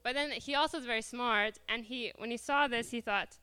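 A woman telling a lively personal story to a church congregation, laughing often as she goes. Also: on the high side, fairly quick, clean tone. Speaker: church speaker.

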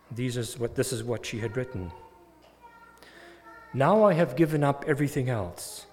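Animated male preacher in a reverberant hall. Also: medium pitch, a little hiss or hum. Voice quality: animated, building to loud emphatic peaks. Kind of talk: sermon.

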